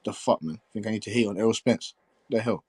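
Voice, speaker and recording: A man argues boxing in a casual, heated debate, full of profanity and mocking laughter. His voice sits low, and the sound is dry and close. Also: fast, darkish tone, slightly rough, no echo. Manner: profane, combative, laughing banter.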